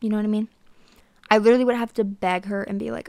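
A woman's voice: medium pitch, flat delivery, quick pace, creaky, darkish tone, dry recording. A woman in her twenties hosting a podcast, chatting casually and sarcastically and talking straight to her listeners. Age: 20s. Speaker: podcast host. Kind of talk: casual chat monologue.

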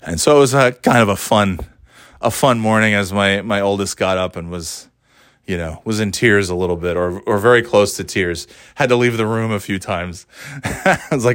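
A man's voice: on the low side, normal speed, fairly bright tone, smooth, dry recording, studio quality. A middle-aged man casually recounting a family holiday in a rambling, chatty way, often laughing and acting out what people said. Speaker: parent telling a family story. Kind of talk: casual storytelling vlog. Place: warm indoor room.

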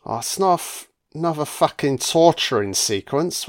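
A man's voice: on the high side, lively intonation, moderate pace, hardly any pauses. A man giving casual, sardonic film commentary full of swearing and jokey asides.

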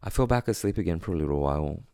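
A man telling a personal story in a quiet, halting, reflective way, with many pauses and fillers. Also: low-pitched, lively intonation, clear, resonant tone, no echo, clean studio sound.

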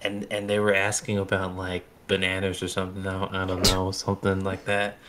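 A man's voice: sits low, monotone, brisk, a bit bright, slight background noise. A young man co-hosting a casual chat podcast, speaking hesitantly with many fillers and restarts. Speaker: podcast co-host.

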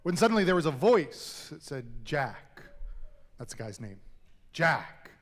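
A man preaching from the pulpit with a slightly higher-than-average voice. He tells stories in an easy, conversational way and turns earnest and reverent when he prays. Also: sing-song, fast talker. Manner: conversational storytelling, then earnest prayer. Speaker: pastor. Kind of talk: sermon.

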